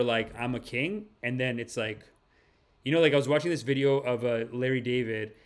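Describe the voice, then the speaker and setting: A brash young man hosting a comedic podcast, swearing freely and swinging between loud bursts and low mutters. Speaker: podcast host. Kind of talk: comedic podcast monologue and card reading.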